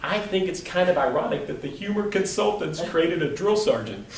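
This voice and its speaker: A man's voice: high-pitched, lively intonation, moderate pace, a little hiss or hum. A middle-aged man giving a humorous motivational keynote to a live audience, telling playful stories and acting out quotes. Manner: joking, playful storytelling with acted-out quotes. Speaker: motivational speaker. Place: large hall before a live audience. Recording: echoey hall from far off.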